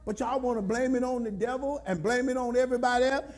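A man preaching a sermon as pastor, scolding and repeating himself to the congregation, sometimes shouting. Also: very high-pitched, quick pace.

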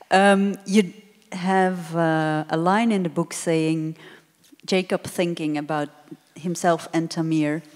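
Slow-spoken woman interviewer. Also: on the low side, darkish tone. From Belgium. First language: Dutch. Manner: unhurried, searching for words. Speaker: interviewer, journalist. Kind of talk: stage interview. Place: theater hall on stage. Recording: long reverb of a theater hall.

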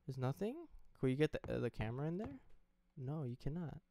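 A young man commenting casually as he plays through a horror game, reacting out loud, swearing and talking to the screen. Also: medium pitch, very animated, fairly quick, slight background noise. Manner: jumpy, swearing, talks to the game. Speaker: gaming streamer. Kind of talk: let's play commentary.

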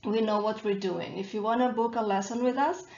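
A Brazilian woman with a Brazilian Portuguese accent, teaching a pronunciation lesson and saying each word slowly and deliberately so listeners can repeat. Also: mid-range voice, steady tone, darkish tone, echoey room, lo-fi sound. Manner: slow, deliberate modeling of words for repetition. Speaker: language teacher.

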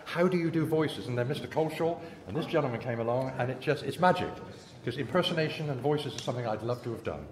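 A man's voice: medium pitch, lively intonation, fast talker, hardly any pauses, background noise. A man, a guest actor on a convention panel, telling anecdotes in a joking way, in a large hall. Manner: jokey, anecdotal storytelling. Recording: echoey hall.

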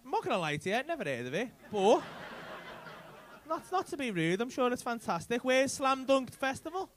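Stand-up man teasing the crowd, cheeky sweary banter, high voice that swings up and down a lot, live club stage mic. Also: sing-song, fairly quick, fairly bright tone, a little hiss or hum. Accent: English. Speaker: stand-up comedian doing crowd work. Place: comedy club stage with audience. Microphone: handheld stage mic.

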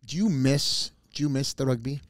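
Joking Welsh podcast host. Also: male voice, medium pitch, normal speed, no room sound, clean studio sound. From South Wales. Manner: joking, teasing banter. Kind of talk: casual interview banter.

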